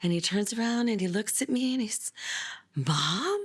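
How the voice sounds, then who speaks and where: A middle-aged woman from California telling a personal story, unhurried and halting, with many pauses and fillers. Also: on the high side, a little mellow, slightly rough. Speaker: interviewee, mother.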